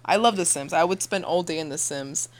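A woman's voice: on the low side, fairly quick. A young woman co-hosting a podcast, joking casually and teasing herself. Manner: playful, joking, self-deprecating. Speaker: podcast co-host. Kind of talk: casual chat.

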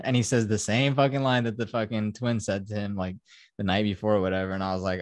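In a clean, echo-free studio recording, a young podcast host with a lowish voice talks fast and flat. His casual film-review chat is an animated scene-by-scene retelling, full of swearing and performed quotes.

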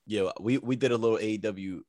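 A man co-hosting a podcast in casual, slangy chat, often trailing off softly. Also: lowish voice, brisk, no room sound, clean studio sound. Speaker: podcast co-host.

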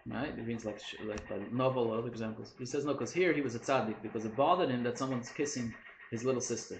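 A man teaches in a casual Torah study session, speaking fast and posing questions as he goes. He mixes Hebrew and Yiddish terms into his English. The recording sounds echoey, with faint noise behind him. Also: medium pitch.

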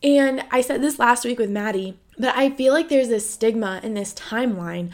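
A woman's voice: on the high side, moderate pace. Frank young woman, swearing freely. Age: 20s. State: has the hiccups. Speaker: podcast host. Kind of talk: candid personal monologue.

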